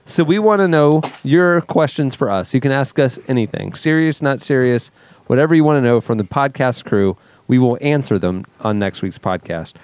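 A man's voice: medium pitch, lively intonation, moderate pace, darkish tone, smooth, dry recording. A man hosting a casual podcast, running segments and plugs in an easygoing way on a studio mic. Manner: easygoing, with plugs and audience call-outs. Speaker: podcast host.

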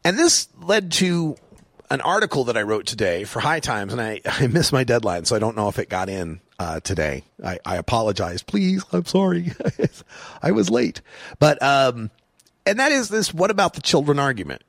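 A man's voice: mid-range voice, sing-song, moderate pace, a bit bright, no room sound, studio quality. A man hosting his own talk radio show, delivering a sarcastic monologue and chuckling often. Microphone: studio microphone.

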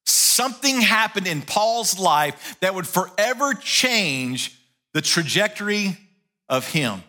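Male pastor, sermon, lively pitch, bright storytelling delivery. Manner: animated storytelling.

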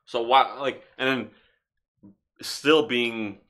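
Man, podcast host, casual chat, animated, swears a lot, rhetorical questions, middle pitch. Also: very slow.

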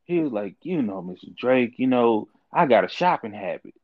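A young man in his twenties chatting casually on a podcast, telling stories in a lively, swooping voice. His pitch jumps around as he acts out the people in them. The sound is dry and a little dull, like lo-fi audio. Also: moderate pace, no room sound. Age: 20s. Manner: animated storytelling, acts out quoted people. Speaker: podcast co-host. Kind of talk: casual chat.

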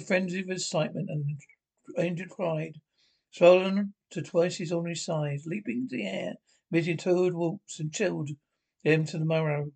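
A man's voice: a little high, gravelly, darkish tone, low-quality recording. A man reading a classic children's story aloud, with frequent slips and restarts. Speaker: reader.

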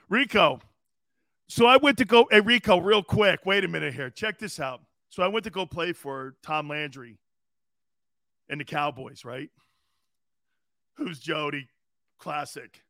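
A man hosting a football talk show in an animated, rambling storytelling manner. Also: fairly high pitch, measured pace, long pauses, dry recording, studio quality. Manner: loud, rambling storyteller with frequent laughs. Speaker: host.

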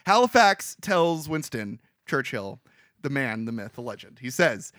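A man co-hosts a podcast in a bright, lively voice that swings up and down, laughing easily and cursing as he retells scenes. The sound is dry and close to the mic. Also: medium pitch, measured pace, dry recording. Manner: laughs often, loose and profane. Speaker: podcast co-host. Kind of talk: casual film recap chat.

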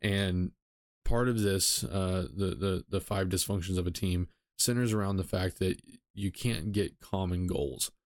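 A man's voice: deep voice, steady tone, unhurried, dry recording, clean studio sound. A man hosting a solo podcast, talking casually with frequent ums and self-corrections. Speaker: podcast host.

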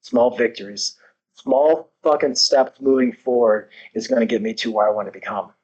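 Male podcast guest, mid pitch, fervent and profane motivational talk. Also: normal speed, darkish tone, muffled recording. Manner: intense, emphatic, heavy swearing.

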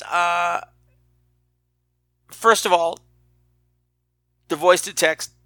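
Bright, animated male podcast host. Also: a little high, no echo. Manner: animated, rambling, self-mocking. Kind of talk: casual storytelling.

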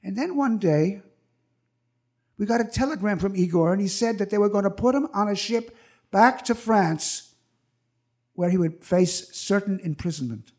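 A man's voice: sits high, expressive, normal speed, pauses often, a little mellow. A man in his eighties telling a personal story on stage at a live event, vivid and acting out the people in it. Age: 80s.

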